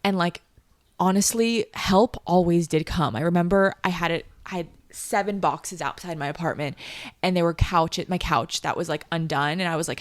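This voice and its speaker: A woman's voice: on the low side, moderate pace, dry recording. A young woman hosting a podcast, chatting candidly with lots of fillers and casual swearing. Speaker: podcast host. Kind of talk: casual chat.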